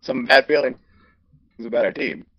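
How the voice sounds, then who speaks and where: A man's voice: medium pitch, moderate pace, highs cut off. A man on a sports podcast chatting in a casual, chatty way. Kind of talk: sports talk.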